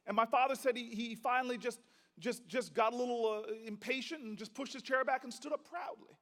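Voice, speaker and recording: A man's voice: very high voice, brisk, a bit bright. A man giving an impassioned political speech at a conference, rousing and rhythmic with repetition and folksy storytelling. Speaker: senator giving a keynote. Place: large conference hall. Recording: long reverb of a large hall.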